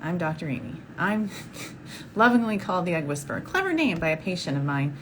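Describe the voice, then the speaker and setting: A woman's voice: on the low side, big pitch swings, brisk. A woman doctor hosting a question-and-answer show, talking casually and effusively to camera, laughing often. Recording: audible background noise.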